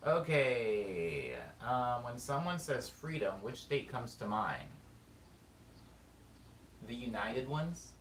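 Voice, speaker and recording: A man from California with a Californian accent, chatting casually as a streamer, thinking aloud and reading chat in a rambling, drawn-out way. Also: mid-range voice, animated. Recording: roomy sound, mic at a distance, faint background noise.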